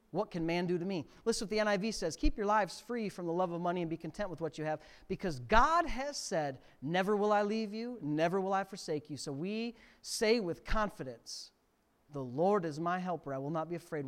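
A middle-aged male pastor preaching a sermon, swinging from quiet reading to near-shouted emphasis. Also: high-pitched, animated, normal speed. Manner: preaching with sudden loud rises to near shouting.

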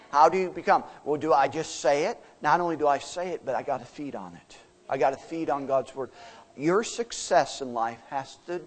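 A man preaching a sermon as pastor, emphatic and folksy, asking his listeners questions. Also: a little high.

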